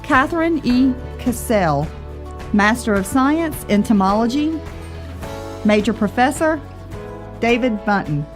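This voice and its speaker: A woman announcer reads out graduates' names and degrees at an unhurried, deliberate pace. Her delivery is formal and measured, with faint music playing beneath her voice. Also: on the high side, lively intonation. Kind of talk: formal name reading.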